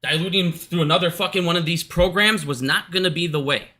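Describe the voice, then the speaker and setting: A man's voice: a little high, fairly quick, sharp tone. A man from Minnesota giving casual, heated commentary at home, profane and repetitive, hot and out of breath. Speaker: stock market commentator. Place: his house.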